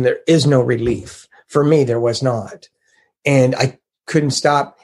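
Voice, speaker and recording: Middle aged guy telling his recovery story, earnest, confessional, voice neither high nor low. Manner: earnest, confessional, quotes others in lively voices. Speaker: recovery group member sharing his story. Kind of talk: personal recovery testimony.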